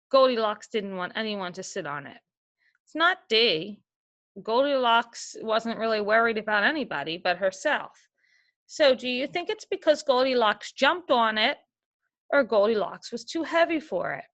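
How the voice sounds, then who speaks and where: A woman's voice: a little high, lively intonation, normal speed, fairly bright tone, muffled recording. A woman teacher giving a reading lesson, reading a story aloud and explaining it patiently with questions to the listener.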